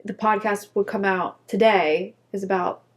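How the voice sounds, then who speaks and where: A woman's voice: medium pitch, fairly even intonation, unhurried. Rambling woman co-hosting a chat podcast. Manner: rambling, self-conscious, loses her words. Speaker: podcast co-host. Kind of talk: casual chat.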